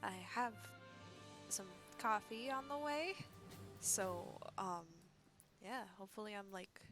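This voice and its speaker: A woman's voice: medium pitch, expressive, slow pace. Casual woman game streamer, hesitant and chatty, faint music underneath. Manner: hesitant, chatty, many fillers.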